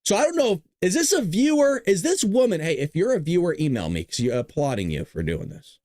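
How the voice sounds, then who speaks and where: A man's voice: high-pitched, big pitch swings, fairly quick, darkish tone, no room sound, clean studio sound. A man hosting a podcast, talking casually and emotionally, choked up and rambling. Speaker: podcast host. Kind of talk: casual commentary.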